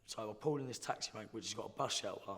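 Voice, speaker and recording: A young man, telling his life story in a blunt, slangy, halting way as a podcast guest. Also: on the low side, a bit bright. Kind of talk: casual storytelling. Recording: roomy hall reverb.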